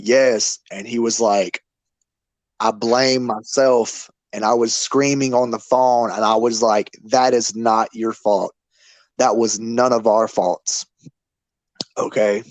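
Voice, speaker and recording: A man's voice: medium pitch, no room sound. A man giving an emotional memorial tribute to a friend in casual, repetitive talk, his voice breaking with grief. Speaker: memorial speaker.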